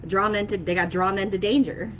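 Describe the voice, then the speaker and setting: A woman's voice: medium pitch, fairly even intonation, a little fast, a bit bright, slight background noise, rough recording. A woman speaking casually to her viewers as an intuitive reader, hesitant, with many fillers and checks of "okay?". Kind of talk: casual spoken message to camera.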